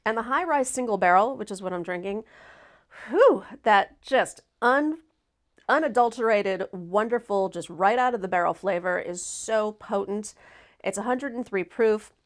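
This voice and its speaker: A woman's voice: medium pitch, lively intonation, moderate pace. Laughing woman hosting a live show. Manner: loud, laughing, profane. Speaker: host. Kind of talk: casual live-stream chat.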